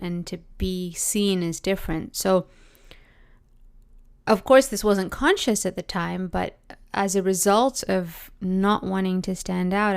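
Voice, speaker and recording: A young adult woman with a Canadian accent hosting a reflective solo podcast, musing aloud with many "like"s, restarts and soft laughs. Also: mid-range voice, clean tone. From Britain. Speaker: podcast host.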